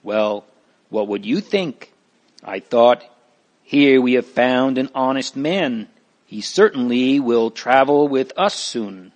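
A man voicing a kindly, wise old male pilgrim in a storybook reading, gentle and fatherly. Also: mid-range voice, slow pace, dull audio, lightly acted.

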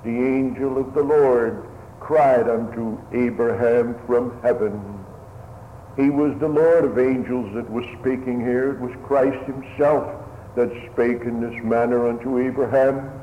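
Male preacher, slow solemn pulpit delivery, tinny radio sound with a long hall echo. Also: mid-range voice, steady tone, a little hiss or hum. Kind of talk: sermon. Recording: phone-like radio broadcast in a reverberant hall.

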